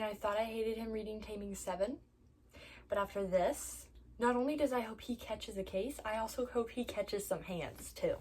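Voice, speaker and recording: A woman vlogging casually about a book she is reading, upset and near tears, dropping to soft whispers and then rising to exasperated outbursts. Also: medium pitch, slight background noise. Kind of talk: reading vlog, casual talk to camera.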